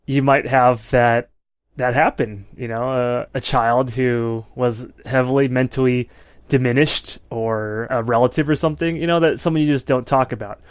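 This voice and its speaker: A man co-hosting a movie podcast, chatting at an ordinary middle pitch. He rambles through his points, leaning on filler words. The recording is close and dry. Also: fairly even intonation, normal speed, no echo. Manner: rambling, heavy use of "like" and "you know". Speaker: podcast co-host. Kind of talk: casual film review chat.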